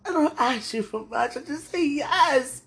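A woman with a high voice pours out a tearful prayer, pleading with God, her words slow and drawn out. Her voice cracks with crying and now and then sinks to a breathy whisper. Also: lively intonation. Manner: pleading, talking to God aloud. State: tearful, voice breaking. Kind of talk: emotional spoken prayer.

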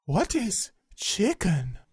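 Woman playing a slow, husky, curious alien; dry, close. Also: mid-range voice, wildly swooping pitch, a little mellow, no room sound, pitched below the performer's own voice, exaggerated voice. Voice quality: slightly rough. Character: curious alien servant, slightly rough-voiced.

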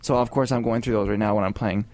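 Sohbet eden, canlı anlatımlı bir erkek. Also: male voice, fairly low pitch, quick pace, dry recording. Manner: chatty, rambling, animated asides. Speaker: podcast co-host. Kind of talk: casual gaming podcast chat.

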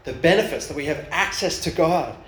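A man's voice: on the high side, fairly quick, reverberant, slight background noise. A man who is the pastor for youth and young adults, giving a sermon in a casual, storytelling way. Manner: casual storytelling with rising excitement. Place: church hall.

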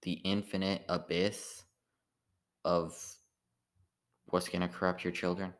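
A tired man, an amateur comedian, rambling in a halting casual monologue full of restarts. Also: low-pitched, level tone.

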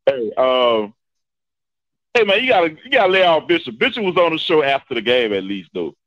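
A man's voice: on the high side, very animated, brisk, fairly bright tone, no room sound, lo-fi sound. A man calling into a sports show, bantering and playfully acting offended. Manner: playful, mock-offended, talks back. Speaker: caller. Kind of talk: casual phone-in banter.

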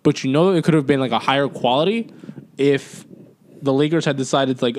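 A man co-hosting a podcast, chatting casually about basketball and swearing freely. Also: mid-range voice. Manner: fast, animated, swears casually. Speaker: podcast co-host. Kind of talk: casual sports chat.

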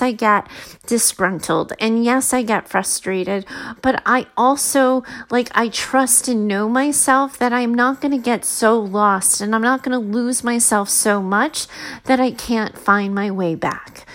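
A woman with a slightly high voice shares a personal story with her listeners. She talks casually and candidly, full of fillers. She gets livelier as she relives the emotion. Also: measured pace, rough recording. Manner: candid, chatty, animated when reliving emotion.

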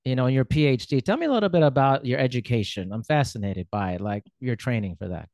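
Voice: medium pitch, expressive, quick pace, darkish tone, dry recording, clean studio sound. An interview host chatting casually, enthusiastic and complimentary, laughing often.

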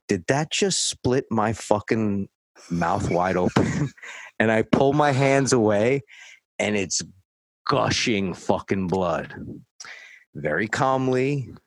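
Man, lowish voice, dry close sound, casual, swearing, mimics others. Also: dry recording, low-quality recording. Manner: profane, dry, acts out quoted voices. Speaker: storyteller. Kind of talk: casual anecdote.

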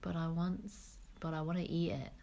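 A woman's voice: on the low side, little pitch movement, normal speed, creaky, warm tone. A woman co-hosting a podcast, chatting casually and giggling as she goes. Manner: laid-back, giggly, chatty. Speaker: podcast co-host. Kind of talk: casual chat.

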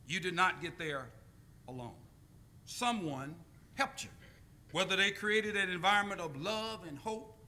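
Bright high-voiced male preacher. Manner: call-and-response, deliberate pauses. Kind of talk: sermon with storytelling.

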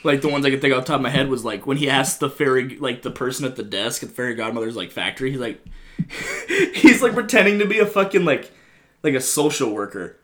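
A young man hosting a casual chat, profane and excitable, who tells stories in an animated way. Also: medium pitch, fast.

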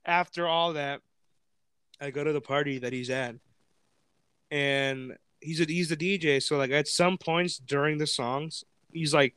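A man's voice: fairly high pitch, a bit bright, clean tone, no echo. A young man telling a story in casual chat, swearing often, laughing, and acting out what others said. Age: young adult.

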